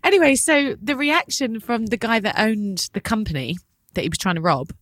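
A woman's voice: fairly high pitch, animated, normal speed, fairly bright tone, dry recording, studio quality. A woman hosting a casual chat, reacting to her guest and telling anecdotes of her own. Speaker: host.

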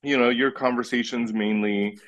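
A man's voice: mid-range voice, fairly even intonation, normal speed, fairly bright tone. A man in casual podcast chat, blunt and teasing, swearing freely as he talks. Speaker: podcast guest.

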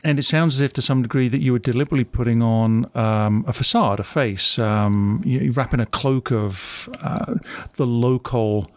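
A man interviewing a guest, asking measured and thoughtful questions. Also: medium pitch, no room sound.

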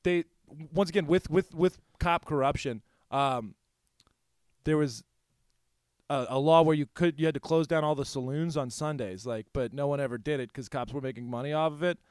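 A man's voice: a little high, moderate pace, darkish tone, smooth, no echo, studio quality. Laughing man rambling on a podcast. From Houston, USA. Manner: rambling, lots of laughing and filler restarts. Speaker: podcast co-host. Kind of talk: casual comedic chat.

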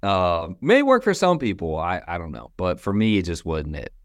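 Young man, very deep voice, laid-back storyteller, casual slang, dry close mic. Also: normal speed, dry recording. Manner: relaxed, chatty, says "man" and "bro", laughs between stories. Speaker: guest, company founder.

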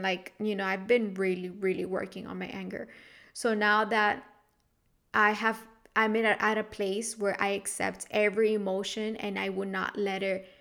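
A young woman talks through a personal story in a casual, confessional tone. She rambles, repeats words and restarts her sentences. Her pitch sits in an ordinary middle range. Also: fairly bright tone. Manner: open, confessional.

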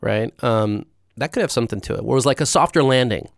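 A man's voice: mid-range voice, fast, vocal fry, no room sound, clean studio sound. A man co-hosting a casual chat, rambling and teasing, with frequent restarts. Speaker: podcast co-host.

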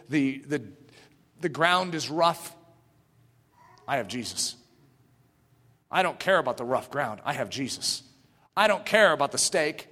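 A man preaches with fervor in a high, ringing, bright voice, climbing to shouts and then sinking to a hushed near-whisper. His sermon carries a long reverb from a church hall. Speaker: pastor.

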